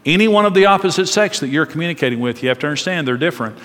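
Middle-aged male pastor, earnest sermon delivery, a touch high-pitched, in a reverberant hall. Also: animated, very fast. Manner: earnest preaching, drops soft and low for quoted tender words.

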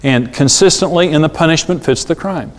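A middle-aged man preaching a sermon on parenting, animated and acting out the voices he quotes. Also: on the high side, fairly quick. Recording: long hall reverb.

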